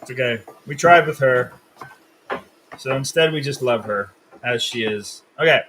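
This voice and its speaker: A man's voice: mid-range voice, normal speed, noisy background. A man hosting a live cooking stream, explaining steps and teasing his co-host in a casual, joking way. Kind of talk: casual live cook-along chat.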